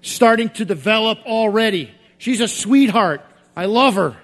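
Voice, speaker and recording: High-voiced man preaching with shouted outbursts. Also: animated, normal speed. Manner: swings from quiet confession to shouted outbursts; repetitive, emphatic preaching cadence. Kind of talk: sermon.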